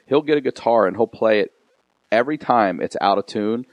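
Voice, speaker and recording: A man from Baltimore with a very low, deep voice tells a loose, rambling story on a podcast. He keeps restarting his sentences and chuckles along the way. The sound is close and dry, with no room around it. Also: fairly quick, dry recording, highs cut off. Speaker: guest comedian. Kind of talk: casual storytelling chat.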